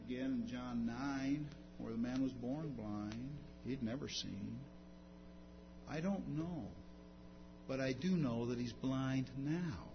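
A man preaching a sermon, moving from quiet explanation to loud, emphatic declarations. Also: medium pitch. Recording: dull lo-fi sound with faint hum.

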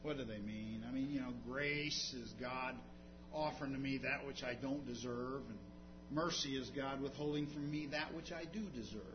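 A man preaching a sermon, swinging between loud emphatic passages and low, intimate storytelling. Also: normal speed. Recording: dull lo-fi recording with background hum.

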